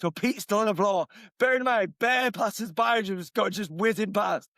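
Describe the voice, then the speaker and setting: A man's voice: high-pitched, moderate pace, a bit bright, dry recording, clean studio sound. A man co-hosting a podcast, telling stories with frequent laughs and swearing. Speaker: podcast co-host. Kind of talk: casual storytelling.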